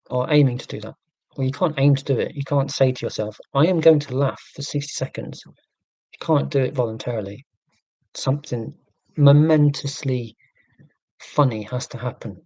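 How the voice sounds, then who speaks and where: Man, mellow voice, dry close sound, casual rambling, self-deprecating humour, answering comments. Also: mid-range voice, dry recording. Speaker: YouTuber answering viewer comments. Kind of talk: casual rambling live chat.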